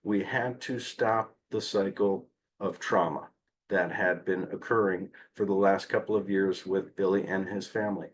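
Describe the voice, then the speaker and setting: A man's voice: fairly low pitch, slight background noise. A man presenting a training session on behavior analysis, talking conversationally with hesitant fillers and light humor.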